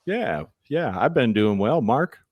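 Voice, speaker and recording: A man's voice: medium pitch, sing-song, measured pace, breathy edge, no room sound, lo-fi sound. A man co-hosting a casual music business chat, folksy and rambling with lots of fillers. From Wisconsin. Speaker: co-host. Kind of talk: casual video podcast chat.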